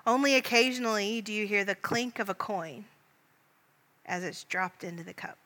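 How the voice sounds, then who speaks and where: Calm woman leading a guided prayer. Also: mid-range voice, moderate pace, big-room sound. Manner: gentle, calm, speaks to the listener as "you". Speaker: prayer leader. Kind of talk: guided Christian imaginative prayer meditation.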